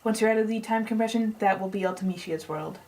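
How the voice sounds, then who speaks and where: A woman's voice: mid-range voice, quick pace, a little mellow, lightly acted, rough recording. A woman reading out the lines of a pompous, eccentric male scientist as he lays out a long plan, with a half-tried put-on accent she keeps dropping. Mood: lecturing. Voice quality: tries a put-on accent and drops it. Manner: reads long exposition aloud. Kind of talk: reading game dialogue aloud.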